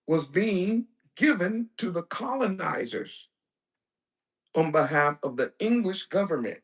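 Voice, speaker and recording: A man preaching in a lecture-style sermon, with a high voice and an unhurried delivery. He drives his points hard, poses questions to his listeners, and now and then rises to a shout. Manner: emphatic, with rhetorical questions and bursts of shouting. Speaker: preacher and teacher.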